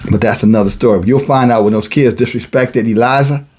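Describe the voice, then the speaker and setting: A man's voice: medium pitch, a little fast, a little mellow, husky. A man preaching a sermon, mixing casual asides and chuckles with emphatic, rising passages.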